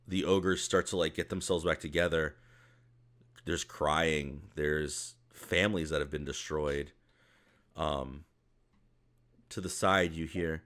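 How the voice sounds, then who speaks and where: A man narrating as game master in a tabletop game, relaxed and rambling with fillers. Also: sits low.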